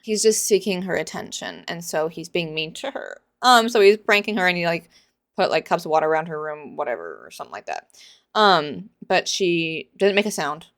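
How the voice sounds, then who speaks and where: A woman's voice: fairly low pitch, expressive, normal speed, a bit bright. A woman in her twenties giving casual, sarcastic commentary in a book reaction vlog, rambling and exasperated.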